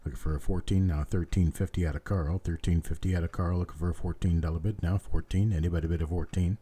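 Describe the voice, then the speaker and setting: Hoarse from losing his voice, a man runs a live coin auction, chanting bids steadily and tossing in chatty asides. His voice is low and his pace quick.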